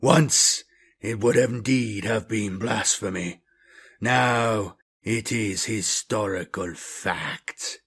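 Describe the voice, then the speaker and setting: Man as a cold traitor captain: gravelly, slow, measured. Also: exaggerated voice. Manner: slow, measured, low and quiet delivery.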